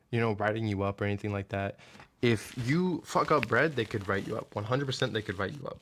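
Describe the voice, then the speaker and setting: A young man ranting casually to camera as a vlogger, rambling and profane, often losing his train of thought. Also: lowish voice. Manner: acts out his boss in a hushed mock voice.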